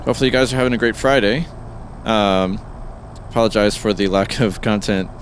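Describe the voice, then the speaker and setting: A man's voice: on the low side, a little fast, slight background noise. A man hosting a let's play, chatting casually and thinking aloud with an easygoing, chuckling manner. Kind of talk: casual gameplay commentary.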